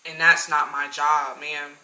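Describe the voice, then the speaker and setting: Animated young woman telling a story. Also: sits low, a little slow, roomy sound, rough recording. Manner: animated, slangy, talks straight to viewers. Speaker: vlogger. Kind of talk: casual storytime vlog.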